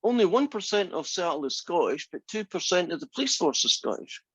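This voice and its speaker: A man's voice: sits high, very animated, fairly quick, a bit bright, husky, dry recording. A man teaching a statistics class, reasoning aloud and asking the class many questions. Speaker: math instructor. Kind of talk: classroom lecture.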